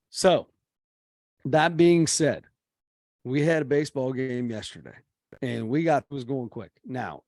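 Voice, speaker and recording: A man's voice: mid-range voice, darkish tone, no room sound, clean studio sound. A man chatting casually as co-host, rambling with restarts while telling a story. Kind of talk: casual chat.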